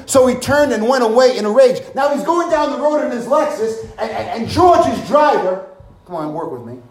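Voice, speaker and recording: Animated preacher man with echo. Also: very high-pitched, moderate pace. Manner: animated, exclamations and rhetorical questions. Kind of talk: sermon.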